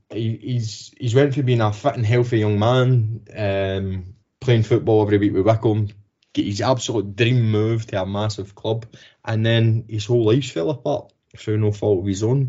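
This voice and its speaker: A man's voice: lowish voice, warm tone, slightly rough. A Scottish man co-hosting a football podcast, talking casually, swearing freely and restarting to stress his points. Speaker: podcast co-host. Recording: slightly dull lo-fi podcast audio.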